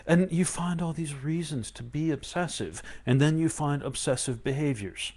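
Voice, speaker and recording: A man giving a live-streamed spiritual talk, acting out inner voices with sudden high yelps between calm stretches of explaining. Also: normal speed, few pauses. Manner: shifts between loud outbursts and quiet calm explaining. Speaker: spiritual teacher.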